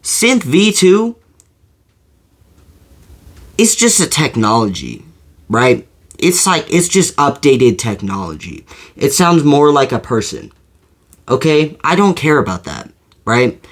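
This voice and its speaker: A man talks through his opinion in a loose, unscripted way. His delivery is slow and halting, full of fillers and false starts. His voice sits at an ordinary middle pitch. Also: very animated. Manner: rambling, full of fillers and restarts. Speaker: video creator. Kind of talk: casual opinion monologue.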